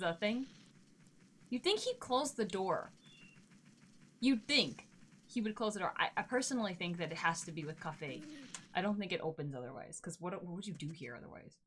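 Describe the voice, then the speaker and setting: A woman streamer giving casual let's-play commentary, chatty and talking to herself and the game, swinging between nervous and excited. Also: mid-range voice, background noise.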